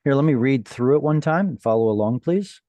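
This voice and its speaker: A man's voice: mid-range voice, animated, brisk, warm tone, dry recording. A man teaching a Hebrew class over a video call, patiently explaining and quizzing his students.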